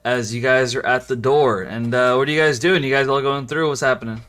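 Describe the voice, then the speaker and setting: A man's voice: medium pitch, fairly even intonation, a little fast, a bit bright. A man narrating a tabletop game as game master, with loose narration full of fillers.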